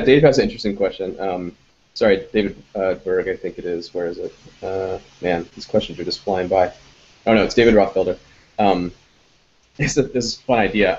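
Low-voiced man, rambling live Q&A. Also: a little mellow, lo-fi sound. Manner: rambling, many ums and restarts. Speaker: game designer answering audience questions. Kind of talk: casual live Q&A chat.

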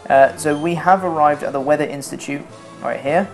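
A man's voice: on the high side, normal speed, gravelly, faint music behind. A young man giving casual, self-mocking commentary over his own video game run, swearing freely. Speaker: let's play commentator.

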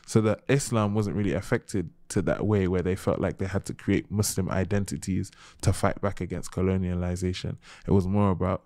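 A young man from the United Kingdom talks through ideas in a long, easygoing podcast answer, piling up examples and asides. His voice sits low and mellow, and the recording is close and dry with no room sound. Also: steady tone, fairly quick, few pauses, no echo. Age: young adult. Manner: expansive, explaining with examples and asides. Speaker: guest, Islamic history speaker. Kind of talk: conversational podcast interview.

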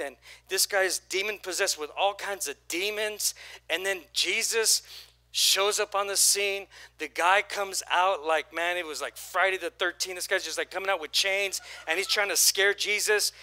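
High, bright-voiced emphatic male preacher. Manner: lively, emphatic preaching with crowd call-and-response; casual, slangy storytelling. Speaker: pastor. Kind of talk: sermon. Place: church.

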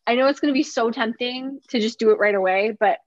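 A woman's voice: a little high, fast talker, dry recording. A woman from Minnesota hosting a casual cooking chat on a video call, upbeat and chatty, often laughing. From Minnesota, USA. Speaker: host. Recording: dull, muffled video call audio.

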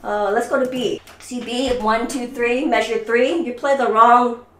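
A woman's voice: on the high side, fairly even intonation, unhurried, fairly bright tone, echoey room, far from the mic, slight background noise. A woman teaching violin over a video call, coaching a student and singing rhythms aloud. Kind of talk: online music lesson.

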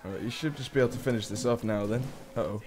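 A young man, a gaming YouTuber, chatting casually through gameplay with quick surprised exclamations. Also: lowish voice, crowd noise. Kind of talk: live gameplay commentary.

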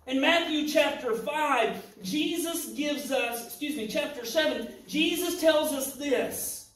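A male pastor delivers an impassioned sermon, his voice pitched very high for a man. He is recorded from a distance, and the church room adds a lot of echo. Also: slow pace. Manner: impassioned preaching, rising to shouts. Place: church sanctuary. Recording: echoey church hall, mic at a distance.

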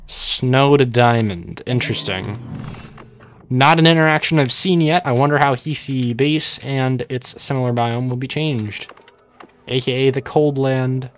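With a medium-pitched voice at a measured pace, a young man narrates his own gameplay in a casual let's-play. He rambles, cracks jokes and breaks into sudden panicky outbursts, with slight background noise behind him.

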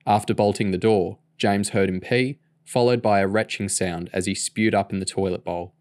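A man reading a novel aloud for listeners. His voice sits on the low side and he keeps a steady, measured storytelling pace. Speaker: audiobook reader. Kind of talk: read-aloud narration.

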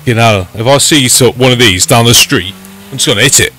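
A man's voice: mid-range voice, brisk, bright, forceful tone, a little hiss or hum. A young man giving live gameplay commentary as he plays a racing game, swearing often and getting frustrated with his car. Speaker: gaming channel host.

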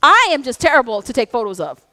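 A middle-aged woman pastor, preaching a sermon in an intense, animated way with playful asides. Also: sits high, fast, no echo. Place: church sanctuary.

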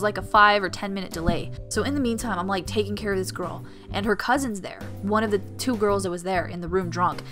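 A woman's voice: medium pitch, a bit bright. Chatty young woman telling stories. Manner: chatty, filler-heavy, vivid retelling. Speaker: storytime vlogger, former resident assistant. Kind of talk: casual storytime while drawing.

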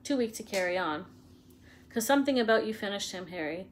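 A woman voicing a huge, gruff but kindly male gamekeeper in a storybook reading, with rough country speech. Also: mid-range voice, animated, fairly quick, a little hiss or hum, natural voice. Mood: reassuring.

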